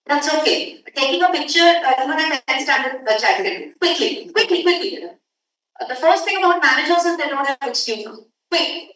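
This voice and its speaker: High-voiced woman lecturing in echoey hall. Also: lively intonation, pushed and bright. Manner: brisk, directive, urges students to hurry. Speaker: workshop instructor. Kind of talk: classroom lecture. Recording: echoey room audio from far off.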